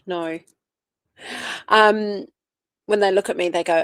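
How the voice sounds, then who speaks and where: An Australian woman hosts a relaxed livestream, greeting viewers by name and chatting freely between topics. Her first language is Italian. The recording is dry and close. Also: lowish voice, slow pace, long pauses, no echo. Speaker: livestream host. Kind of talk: casual live chat reading comments.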